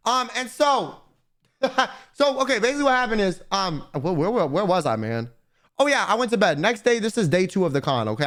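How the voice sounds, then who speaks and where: A man's voice: on the high side, a bit bright. A man streaming live, casually telling a long convention story to his chat, rambling and swearing a lot.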